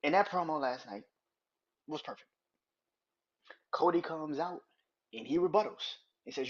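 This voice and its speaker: Male podcast host, husky and animated, casual profane commentary, lo-fi recording. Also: fairly high pitch, a little slow, long pauses. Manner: animated, swears freely, acts out quotes. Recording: dull lo-fi recording.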